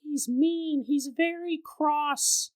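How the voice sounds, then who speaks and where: A man voicing a scared three-year-old girl who pleads in a small, high child's voice. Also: steady tone, extremely slow, heavily acted. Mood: insistent.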